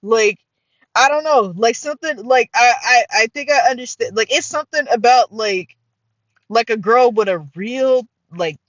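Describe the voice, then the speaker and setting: A middle-aged woman hosting a casual solo podcast, excitable and full of fillers and swearing. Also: fairly high pitch, normal speed, no echo, lo-fi sound. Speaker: podcast host.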